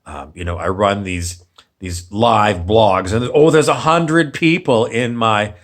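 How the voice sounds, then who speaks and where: A man imitating a calm, soft-spoken male streamer who thanks viewers for donations in a hushed, low voice. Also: slow pace. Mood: placid.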